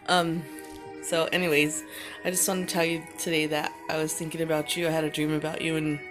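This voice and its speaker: A woman's voice: low-pitched, little pitch movement, fairly quick, over music. A middle-aged woman recording a personal video message to her absent son, talking in a rambling, heartfelt way with lots of fillers.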